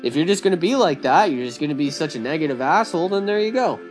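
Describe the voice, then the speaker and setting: A young man with a somewhat high voice rants casually and bluntly, swearing freely as he urges listeners to do their own thing. His delivery swings from low grumbles to loud, lively bursts. Faint music plays underneath. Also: fast talker, few pauses. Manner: blunt, profane, animated motivational rant. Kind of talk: casual monologue.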